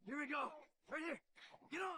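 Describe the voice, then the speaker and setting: A man's voice: extremely high pitch, brisk. A terse getaway man in a game. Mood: urgent. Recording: distant noisy game audio.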